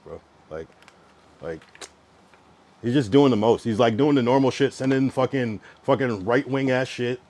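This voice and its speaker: A man's voice: medium pitch, lively intonation, moderate pace. A young man livestreaming, ranting at his chat in an irritated, swearing, casual way.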